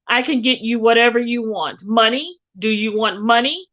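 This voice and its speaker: A woman's voice: a little high, moderate pace, a bit bright, lo-fi sound, lightly acted. A woman reading aloud the lines of a frightened young woman held captive, pleading shakily to be let go. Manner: begging, shaky, desperate.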